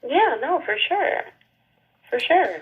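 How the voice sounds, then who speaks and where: A young woman co-hosting a casual podcast chat. She is relaxed, laughs easily and lets her sentences trail off softly. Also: high-pitched, takes it slowly, dull audio. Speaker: podcast co-host.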